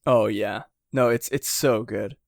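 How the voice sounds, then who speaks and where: A man co-hosts a podcast in casual conversation, his medium-pitched voice creaky and a little slow. He rambles with lots of fillers and restarts and acts out character quotes in lively voices, all captured in a dry, clean studio recording.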